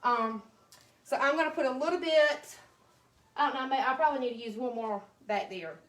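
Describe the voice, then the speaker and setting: A woman's voice: sits high, moderate pace, fairly bright tone. A woman with a Southern US accent chatting casually on a live stream at home, greeting viewers by name as she decorates a Christmas tree.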